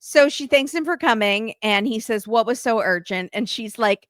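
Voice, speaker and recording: A woman's voice: on the high side, animated, normal speed, few pauses, fairly bright tone, dry recording, clean studio sound. A woman hosting a podcast, recapping a reality show in casual chat and acting out the quotes with a wry tone. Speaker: podcast host.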